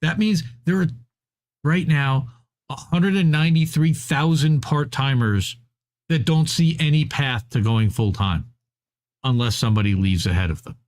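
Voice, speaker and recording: A man's voice: medium pitch, moderate pace, a little mellow. A man co-hosting a podcast, ranting about labor in casual, profane, fired-up chat. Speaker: podcast co-host.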